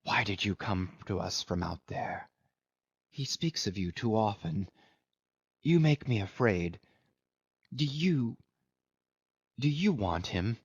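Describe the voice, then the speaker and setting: A frightened young woman speaks in an intense near-whisper, voiced by a man reading aloud. Her words come low and soft, held barely above breath. The recording sounds dull and dry, with no room around it. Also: animated, slow pace, pauses often, husky, dry recording, full character voice. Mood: fearful hushed. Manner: hushed, barely audible. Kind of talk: audiobook reading.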